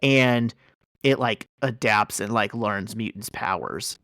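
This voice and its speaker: A man's voice: lowish voice, slow, a bit bright, no echo, clean studio sound. A man hosting a podcast, casually and animatedly retelling a story in a chat, full of fillers. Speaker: podcast host. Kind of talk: casual chat recapping a comic.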